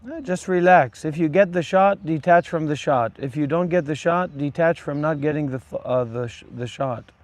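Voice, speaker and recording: A man's voice: fairly high pitch, moderate pace, few pauses, dry recording. A man hosting a livestream, talking bluntly and combatively straight at his viewers. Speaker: livestream host and former monk. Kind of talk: unscripted livestream talk.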